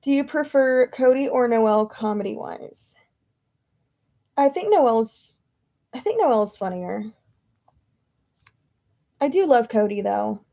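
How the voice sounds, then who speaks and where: A woman's voice: fairly high pitch, expressive, slow, creaky, pauses often, dark tone. A young woman chatting casually, answering viewer questions with lots of fillers and tangents. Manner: chatty, rambling with many fillers. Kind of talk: casual chat.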